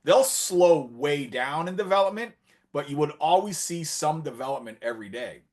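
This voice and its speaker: A man, a marine biologist, telling an animated story during an online conference talk, acting out the dialogue as he goes. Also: on the high side, normal speed. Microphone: video call.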